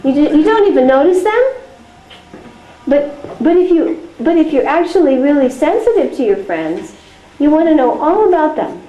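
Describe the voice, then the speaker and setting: A woman teacher telling a story and giving practical instructions in a chatty, animated way during a teacher training class. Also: high voice, normal speed, lo-fi sound. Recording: echoey room with faint noise.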